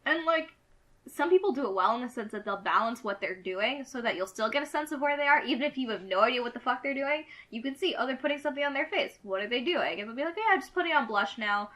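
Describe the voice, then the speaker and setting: A young woman co-hosting a casual podcast, chatty and swearing freely with animated asides. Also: high voice, fast. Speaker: podcast co-host.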